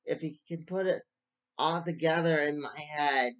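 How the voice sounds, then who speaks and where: A man's voice: fairly high pitch, a little slow, fairly bright tone. A man giving a casual solo book review, rambling and stop-start with frequent restarts.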